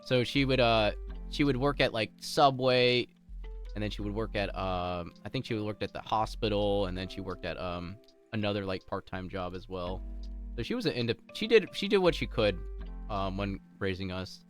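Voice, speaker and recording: A man's voice: on the low side, expressive, normal speed, soft background music. A man streaming from home, chatting casually with his viewers, rambling through stories with lots of laughter and restarts.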